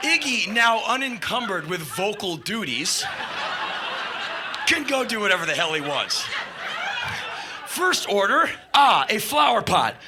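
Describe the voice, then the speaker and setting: A man telling a wild rock-and-roll story on a live stage, profane and animated, bursting into shouted sound effects. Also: sits high, a little slow, long pauses, very noisy. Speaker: spoken-word performer. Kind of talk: live spoken-word storytelling. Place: live stage before an audience.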